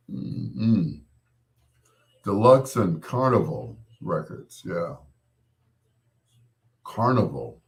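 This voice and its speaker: A man's voice: low voice, big pitch swings, extremely slow, pauses often. A man working as a late-night radio DJ, chatting in a laid-back, storytelling way with casual slang.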